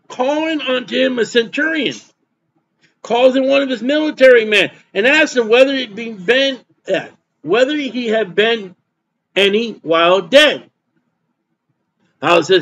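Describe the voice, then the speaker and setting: High-voiced emphatic man preaching a sermon. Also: expressive, a little slow, fairly bright tone, muffled recording. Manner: emphatic, repeats points for stress. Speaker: pastor.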